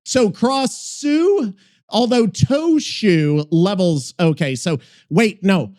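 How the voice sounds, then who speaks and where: A man hosting a gaming podcast in a relaxed, unhurried way, rambling and cursing casually. His voice sits high and swings widely in pitch, and he trips over words before laughing it off. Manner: rambling, swears freely, stumbles over pronunciations. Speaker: podcast host.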